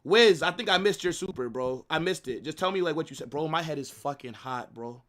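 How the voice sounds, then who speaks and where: A man's voice: a little high, lively intonation, brisk, fairly bright tone. A young man hosting a live football watch-along, ranting and swearing in frustration. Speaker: livestream host.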